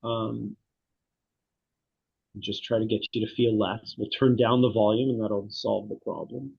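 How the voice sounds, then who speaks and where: A man's voice: fairly low pitch, little pitch movement, unhurried, gravelly, slightly rough, lo-fi sound. A middle-aged man, a psychotherapy researcher, speaking reflectively in an interview and telling stories with animation. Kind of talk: conversational interview.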